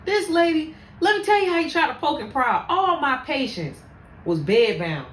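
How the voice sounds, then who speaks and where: A woman podcast host telling stories about faith and anger, speaking in an animated, preachy way. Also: sits high, moderate pace, a little hiss or hum. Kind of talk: casual faith talk. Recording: echoey room, faint ambience.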